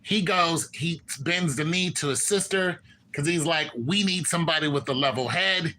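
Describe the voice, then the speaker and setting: A man's voice: moderate pace, slight background noise, low-quality recording. A man casually recapping and giving his opinion on a TV finale, animatedly acting out characters' lines. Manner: animated, acts out characters' lines with shifts in pitch. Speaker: TV show commentator.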